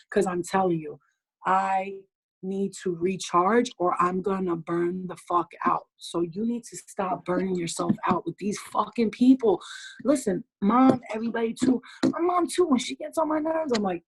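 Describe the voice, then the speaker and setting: A woman's voice: mid-range voice, normal speed, breathy edge, rough recording. A woman hosting a group video call, giving blunt advice in casual chat, swearing freely and laughing often.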